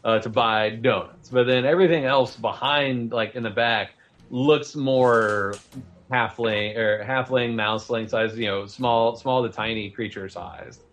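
A man narrating a tabletop game as game master in a relaxed, chatty way with many fillers. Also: mid-range voice, measured pace, highs cut off.

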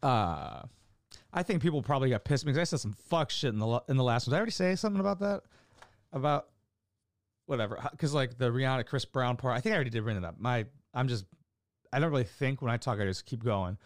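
A man's voice: medium pitch, animated, quick pace, no echo. A man and amateur stand-up comic chatting casually in a vlog, rambling and cursing with lots of fillers. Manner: rambling, profane, many fillers.

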